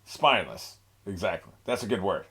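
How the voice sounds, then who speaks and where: A man's voice: deep voice, lively intonation, moderate pace, bright, forceful tone, breathy edge. A young man hosting an anime reaction, rambling in a laid-back way with frequent laughs and mocking asides. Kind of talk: casual reaction commentary.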